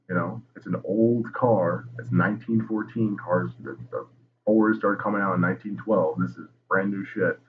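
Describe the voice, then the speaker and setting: A man's voice: fairly low pitch, steady tone, moderate pace. A young man hosting a podcast, telling history in a casual, rambling, profane and jokey way. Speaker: podcast host. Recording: tinny phone-like line with noise.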